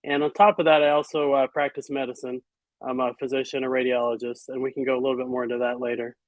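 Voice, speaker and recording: A man's voice: mid-range voice, flat delivery, fast talker, dry recording, poor audio. A man speaking as a guest in an interview, earnest and reflective, with some hesitations. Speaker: guest author and physician. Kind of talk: interview conversation.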